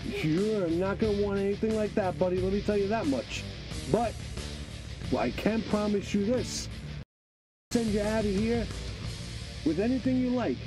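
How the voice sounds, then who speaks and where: A performer voicing a crude, aggressive pitchman in a spoof commercial, swearing through the pitch. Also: normal speed, pauses often, natural voice. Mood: pushy. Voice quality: profane, hard-selling. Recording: music playing behind.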